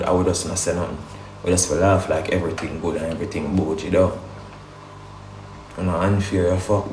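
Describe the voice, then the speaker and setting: A Jamaican man with a very deep voice rants in a heated, defensive way, throwing in rhetorical questions. His voice bounces around an echoey room. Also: darkish tone, slight background noise. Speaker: livestreamer defending family. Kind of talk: heated casual rant.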